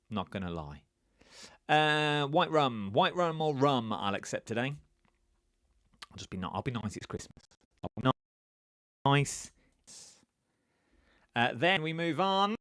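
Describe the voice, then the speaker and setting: A man hosts a live quiz stream in a chatty, playful way, reading viewers' names and answers aloud. His voice sits at a middle pitch but swings up and down a lot. The sound is dry, with no room echo. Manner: playful, jokes about his own pronunciation. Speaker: quiz host.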